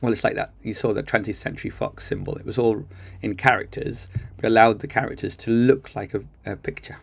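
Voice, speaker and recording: A coding teacher with a lowish, gravelly, slightly rough voice talks a little fast and in a steady tone. He casually walks through a screen-recorded tutorial, chatty and enthusiastic, filling his thinking aloud with ums, recorded on a computer mic.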